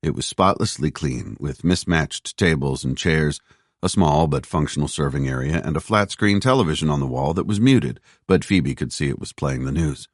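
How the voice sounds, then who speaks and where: A man narrating a thriller audiobook with a very deep, lively voice. His reading is measured and steady. The sound is dry and close to the mic. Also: no echo. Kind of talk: scripted narration.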